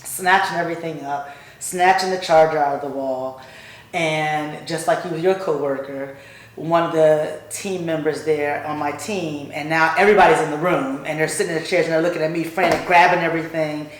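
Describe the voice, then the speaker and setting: A middle-aged woman telling a personal story in conversation, animated and acting out the voices of others. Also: low-pitched, normal speed. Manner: animated, acts out quoted voices. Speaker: guest speaker. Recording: very echoey room.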